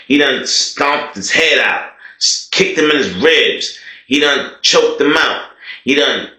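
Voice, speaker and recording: Storyteller man, slangy drawl, mid pitch, echoey room. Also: animated, slow, sharp tone. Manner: slangy, drawled, addresses listeners as y'all. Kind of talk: casual storytime narration.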